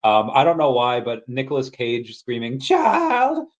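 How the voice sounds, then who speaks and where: A man hosts a casual crypto livestream, reading out chat comments and talking with viewers in a rambling way full of fillers and restarts. Now and then he breaks into shouted movie-quote impressions. His voice is mid-range and steady at a moderate pace, and the sound is lo-fi.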